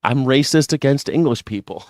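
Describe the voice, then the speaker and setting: A man's voice: medium pitch, lively intonation, normal speed, darkish tone, no echo. A man hosting a news reaction show, ranting in a sarcastic and profane way. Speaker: host.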